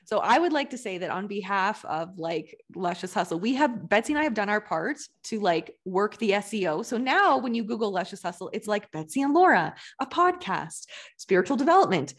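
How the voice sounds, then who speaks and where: A woman business coach, a podcast guest, telling stories in an animated way and mimicking other people. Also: mid-range voice, a little fast, few pauses. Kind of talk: casual interview chat.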